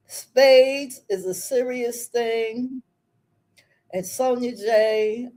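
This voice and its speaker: High, lively woman laughing through stories. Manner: laughs often, drawn-out exclamations. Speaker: live show host. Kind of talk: casual storytelling chat.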